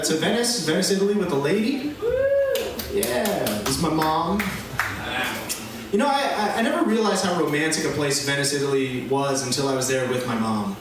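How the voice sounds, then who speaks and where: A man's voice: on the high side, a little hiss or hum. A young man doing a stand-up set, self-deprecating and stammering as he goes. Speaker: stand-up comedian. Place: comedy club. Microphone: phone filming from the audience. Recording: echoey club from far off with crowd. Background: crowd laughter.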